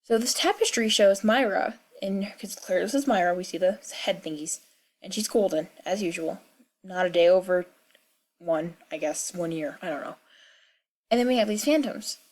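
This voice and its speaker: A woman's voice: mid-range voice, moderate pace, darkish tone. Musing young woman thinking aloud. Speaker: video creator. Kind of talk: casual game lore commentary.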